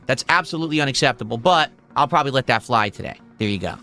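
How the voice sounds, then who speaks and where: A man's voice: mid-range voice, fast, sharp tone, faint music behind. A man hosting a livestream, talking straight to his chat at home in a blunt, profane, exasperated way. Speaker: livestream host. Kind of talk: casual livestream talk to chat.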